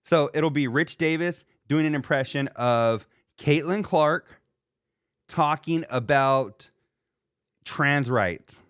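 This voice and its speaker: A man's voice: fairly high pitch, takes it slowly, fairly bright tone, smooth, no room sound, studio quality. Rambling, jokey man hosting a live stream. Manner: loose, rambling, jokey, lots of fillers. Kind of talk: casual reaction chat.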